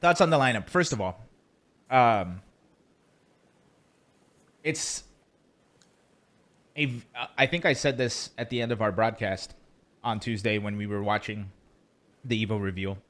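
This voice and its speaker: A man's voice: lowish voice, a little slow, pauses often, a bit bright. A man co-hosting a casual podcast, chatty and joking, rambling with fillers. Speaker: co-host.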